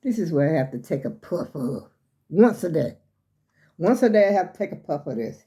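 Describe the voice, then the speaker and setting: An older woman talks in a loose, rambling way, calling her viewers y'all. Her voice is mellow and a little short of breath. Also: low-pitched, sing-song, normal speed. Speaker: vlogger showing her clothes. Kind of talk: casual chat to viewers.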